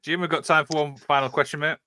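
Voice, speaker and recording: A man hosting an interview, asking quick, chummy questions. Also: on the high side, flat delivery, pushed and bright, clear, resonant tone. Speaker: interview host.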